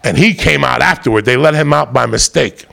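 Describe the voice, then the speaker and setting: A man's voice: medium pitch, fairly quick, pushed and bright. A man telling a rambling, profane comic story, often laughing as he goes. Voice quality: gravelly.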